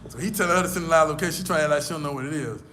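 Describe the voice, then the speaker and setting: A man's voice: on the high side, very fast, sharp tone, a little hiss or hum. A man giving blunt, profane advice in a casual storytelling rant, hammering his points by repeating them. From United States. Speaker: vlogger.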